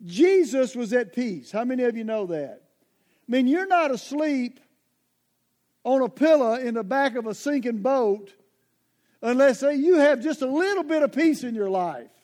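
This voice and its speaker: A man with a strikingly high voice preaches a sermon. He talks conversationally but with emphasis, speaking straight to his listeners and pulling them into his points. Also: lively intonation, unhurried, darkish tone.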